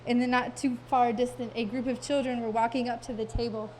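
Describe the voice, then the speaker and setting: A woman's voice: fairly high pitch, little pitch movement, darkish tone, slight background noise. Wry woman telling a comic story onstage. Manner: wry, vivid and self-mocking, with dramatic pauses. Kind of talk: comic personal storytelling on stage. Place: live stage event before an audience.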